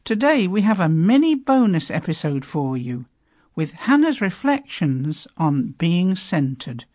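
Woman radio host, animated intonation, scripted link. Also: on the low side, measured pace.

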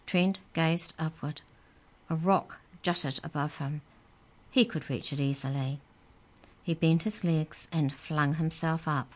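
A woman reading a children's story aloud in a calm, measured way. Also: sits low.

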